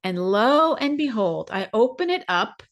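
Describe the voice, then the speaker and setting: A woman's voice: a little high, sing-song, unhurried. A woman hosting a podcast, telling a personal story in a conversational way, acting out her own thoughts as quoted asides. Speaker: podcast host.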